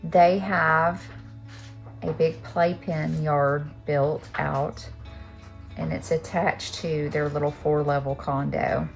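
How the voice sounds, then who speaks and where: A woman chatting casually to her camera on a tripod in her living room, with a soft, chatty manner. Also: sits low, flat delivery, slow, gravelly, faint music behind. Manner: soft, chatty, coos in baby talk to the kittens. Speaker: knitting vlogger. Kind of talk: casual vlog chat.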